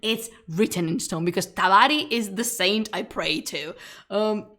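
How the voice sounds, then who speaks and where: A chatty woman with as her talks loosely to her stream viewers, laughing and circling back mid-sentence. Her voice sits at a middle pitch. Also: unhurried, fairly bright tone. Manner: chatty and laughing, with frequent restarts and fillers. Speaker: streamer, history channel host. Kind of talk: casual live-stream chat to viewers.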